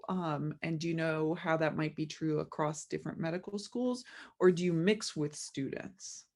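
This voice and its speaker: A woman moderating an online session, with a slightly low voice. She is polite and apologetic as she relays an audience question over a video call. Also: darkish tone. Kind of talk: webinar moderation.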